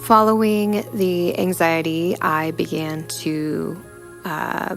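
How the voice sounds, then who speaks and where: Low, gravelly young woman telling her story. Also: fairly even intonation, a bit bright, faint music behind. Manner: reflective, halting, many "you know" fillers. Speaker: storyteller sharing a personal testimony. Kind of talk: personal faith testimony.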